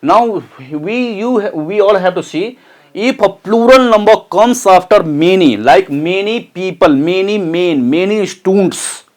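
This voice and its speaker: A man's voice: high voice, lively intonation, unhurried. Repetitive man teaching grammar. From Nepal. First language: Nepali. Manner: explains step by step, repeats phrases, asks "okay?". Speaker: English teacher. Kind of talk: exam-prep grammar lesson.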